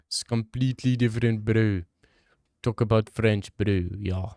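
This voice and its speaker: A man's voice: on the low side, fairly even intonation, measured pace, dark tone, dry recording, studio quality. A young man, chatting casually on a live stream and answering his chat in a brash, joking way. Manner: brash, joking, swears a lot.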